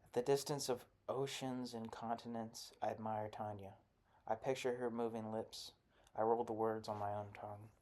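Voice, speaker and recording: A man narrating a literary short story in a measured, even reading. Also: fairly low pitch. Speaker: audiobook narrator.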